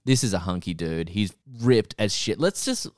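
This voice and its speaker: A man co-hosting a casual podcast, reviewing a TV show and acting out its lines in a mocking, animated way. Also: on the low side, normal speed, no echo, studio quality. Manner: animated, mocking, acts out quotes. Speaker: podcast co-host.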